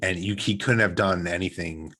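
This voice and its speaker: A man's voice: deep voice, fairly even intonation, normal speed, pushed and bright, breathy edge. A man co-hosting a podcast, talking casually and earnestly, rambling with restarts. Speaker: podcast co-host. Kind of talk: casual chat.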